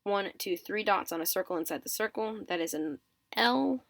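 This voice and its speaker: Her medium-pitched voice is creaky but expressive, moving at a moderate pace as she explains a constructed writing system step by step. Sounding a little sleepy and yawning, she counts items aloud and corrects herself. The audio has no echo.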